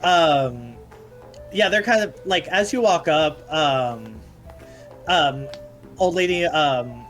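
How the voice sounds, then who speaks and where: A man's voice: a little high, expressive, takes it slowly, long pauses, a bit bright, soft background music. A man narrating as dungeon master of a tabletop game, rambling with many fillers and laughing often.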